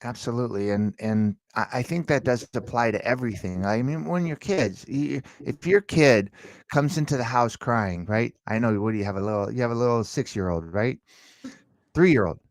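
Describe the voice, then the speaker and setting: Animated man telling stories on a podcast. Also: medium pitch, moderate pace, dry recording. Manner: animated storyteller acting out dialogue. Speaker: podcast guest. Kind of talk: casual interview chat.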